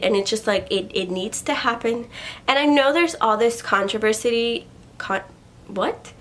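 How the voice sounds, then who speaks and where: Young woman, casual talker; loose, rambling vlog delivery full of fillers. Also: medium pitch. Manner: rambling, lots of "like" and "just like". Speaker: book vlogger. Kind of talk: casual chat.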